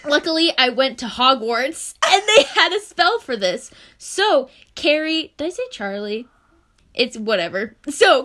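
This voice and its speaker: A woman's voice: fairly high pitch, a little slow, pushed and bright. A young woman co-hosting a podcast, reading fan fiction aloud and often breaking into giggles. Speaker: podcast co-host.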